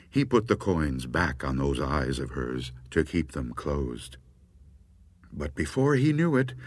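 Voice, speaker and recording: A man narrating a ghost story with dramatic, expressive delivery. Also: a bass voice. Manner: dramatic, expressive telling with rising tension.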